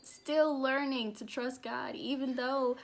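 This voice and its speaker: A woman's voice: sits high, fairly even intonation, takes it slowly. Emotional woman sharing a faith testimony. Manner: heartfelt, emotional, laughs between lines. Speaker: vlogger. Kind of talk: personal faith testimony vlog.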